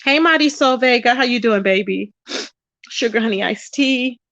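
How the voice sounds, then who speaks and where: A woman's voice: fairly high pitch, moderate pace, fairly bright tone, no room sound, dull audio. A woman hosting a casual livestream, talking to viewers and reading their comments aloud. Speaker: livestream host.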